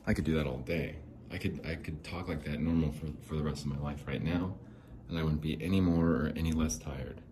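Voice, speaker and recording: A man's voice: rumbling low, steady tone, a little fast, warm tone, low-quality recording. A young man hosting a solo podcast, rambling in a jokey, self-deprecating way. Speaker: podcast host.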